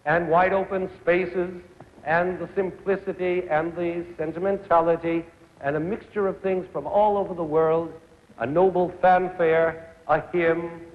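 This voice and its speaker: A man hosting an educational concert lecture for young listeners, speaking eloquently and listing things with emphasis, recorded in a large concert hall for a 1950s broadcast. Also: high-pitched. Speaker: concert host and conductor. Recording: 1950s broadcast, tinny and thin, long hall reverb.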